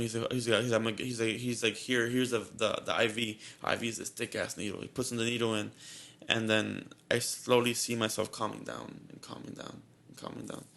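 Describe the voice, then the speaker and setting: A man's voice: fairly low pitch, gravelly, a bit bright. A young man on a podcast telling a story in casual chat, rambling and repeating himself with a lot of "like", sounding shaky and nervous. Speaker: podcast co-host.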